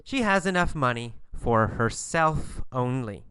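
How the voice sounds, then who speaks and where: Slow, lively-voiced male English teacher. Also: medium pitch, smooth, no echo. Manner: slow, emphatic teacher delivery with lively intonation. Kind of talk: question-and-answer story lesson.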